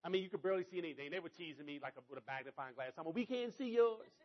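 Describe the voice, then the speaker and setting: A man giving a motivational speech to an audience, telling a story in an animated, conversational way. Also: a little high, racing, muffled recording. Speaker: motivational speaker.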